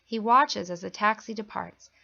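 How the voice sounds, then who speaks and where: A woman reading a children's picture book aloud, telling it gently and expressively. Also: moderate pace, vocal fry, highs cut off. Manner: gentle, expressive storytelling that lifts pitch for characters' lines. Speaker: storybook reader.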